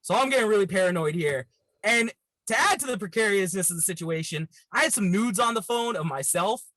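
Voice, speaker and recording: A man's voice: sits high, fairly quick, no room sound, poor audio. A man in his thirties, a comedian guest telling a wild, profane party story in casual chat. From Canada. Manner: animated, profane, rambling anecdotes.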